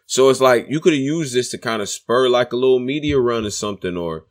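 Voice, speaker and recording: A man's voice: mid-range voice, brisk. A man co-hosting a casual chat about battle rap, laid-back and opinionated, talking in slang.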